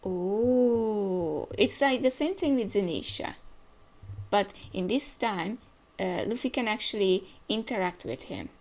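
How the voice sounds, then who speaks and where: A woman hosting a casual manga reaction, reading panels aloud and thinking out loud as she goes. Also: medium pitch, expressive, unhurried. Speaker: manga reaction channel host.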